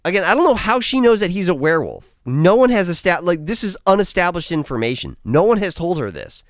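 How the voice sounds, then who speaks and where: Male film reviewer, casual and sarcastic, swears a lot; very animated delivery, dry close-miked sound. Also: sits high, fairly quick, dry recording. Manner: rambling, sarcastic, swears freely.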